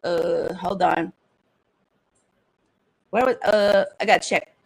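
A woman teaching the Bible to an online audience in a chatty, animated way, thinking aloud and tossing in slang asides. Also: lowish voice, slow, gravelly, slightly rough, poor audio.

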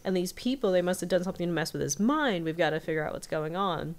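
A woman voicing an eager young boy sleuth, urgent and quick. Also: fairly low pitch, animated, lightly acted.

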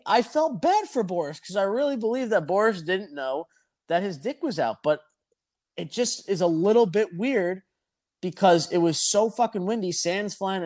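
Profane storytelling man, slightly high voice. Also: darkish tone. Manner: profane, rambling anecdotal delivery. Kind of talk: casual storytelling.

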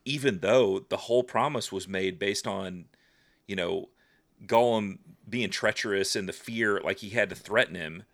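A man's voice: on the low side, moderate pace, creaky, a bit bright. A man co-hosting a podcast, talking through a book chapter in an earnest, casual way, thinking aloud. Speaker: podcast co-host.

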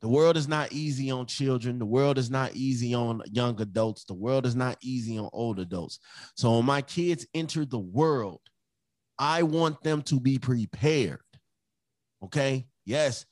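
A man's voice: medium pitch, unhurried, darkish tone, no echo. A man co-hosting a casual podcast, talking emphatically about his family, repeating phrases and acting out his children's voices. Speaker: podcast co-host.

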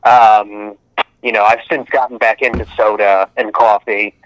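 A man's voice: fairly low pitch, level tone, measured pace, dry recording, poor audio. A man in his thirties telling rambling stories in casual chat, full of fillers and laughs.

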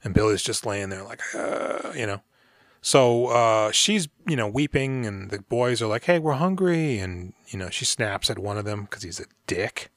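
A man's voice: lowish voice, lively intonation, moderate pace, a bit bright, no room sound, clean studio sound. Man casually rambling through a movie recap. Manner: rambling and profane, acts out characters' lines. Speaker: podcast co-host.

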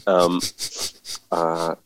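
A man casually telling a rambling, animated travel story, laughing often. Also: low-pitched, very slow, low-quality recording.

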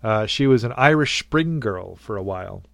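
Man, podcast host, casual chat, low voice, dry close sound. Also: gravelly, dry recording. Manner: animated, jokey, quick to laugh.

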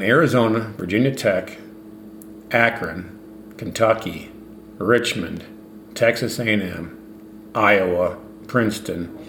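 A man hosting a sports betting podcast, running through his picks in a relaxed, thinking-aloud way. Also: on the low side. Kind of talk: casual solo podcast picks. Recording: roomy with faint ambient noise.

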